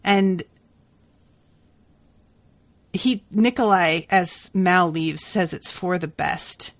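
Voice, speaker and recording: Lady podcaster going over a book, slow and low-ish, dry close sound, lots of likes and ums. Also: dry recording. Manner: chatty, with frequent "like" and "um" and hummed pauses; reads passages from the book aloud. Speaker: podcast host. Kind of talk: casual book recap podcast.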